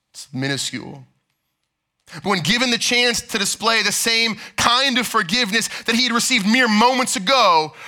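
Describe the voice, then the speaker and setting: A man pastor preaching a sermon in a church sanctuary, earnest, dropping to hushed tones and then rising for emphasis. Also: on the high side.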